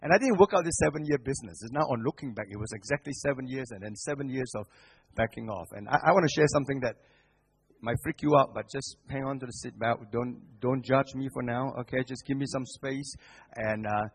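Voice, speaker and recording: Man, middle-aged, husky voice, guest sermon, animated, hushed-to-loud swings, frequent restarts. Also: mid-range voice, a little fast. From Singapore. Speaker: guest preacher.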